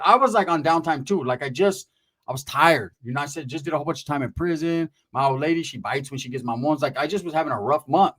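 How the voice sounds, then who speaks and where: A middle-aged man telling a comic story in a profane, animated way, acting out the voices of others. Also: fairly high pitch, fast.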